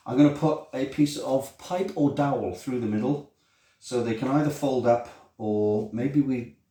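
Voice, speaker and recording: A man's voice: on the low side, darkish tone. A middle-aged man with a British accent, chatting casually through a build vlog in a rambling, self-deprecating way, full of fillers and restarts. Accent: British English. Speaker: maker vlogger. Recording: roomy, mic at a distance.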